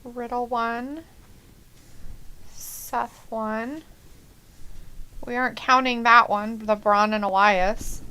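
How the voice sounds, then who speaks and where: A woman's voice: on the high side, steady tone, takes it slowly, long pauses, pushed and bright, a little hiss or hum, rough recording. A woman co-hosting a live wrestling watch-along in casual chat, laughing often and reading chat comments aloud.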